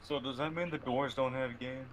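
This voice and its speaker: A man's voice: mid-range voice, fairly even intonation, normal speed. A man chatting with friends over voice chat while they game, making wry, offhand remarks. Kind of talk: casual gaming chat. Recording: noisy voice-chat mic.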